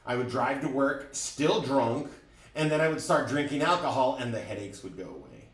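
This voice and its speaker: A driving school instructor tells his class a personal story, candid and animated, frequently restarting his phrases. His middle-pitched voice, at a moderate pace, is picked up from a distance in an echoey, roomy space.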